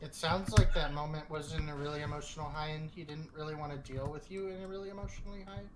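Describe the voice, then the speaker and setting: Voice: mid-range voice, steady tone, fast talker. A speaker bluntly lecturing and challenging a friend during a casual argument on a stream. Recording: noisy background.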